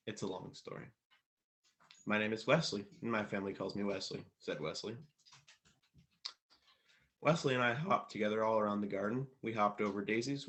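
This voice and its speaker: A man reading a children's storybook aloud at a church service, plain and steady. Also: on the low side.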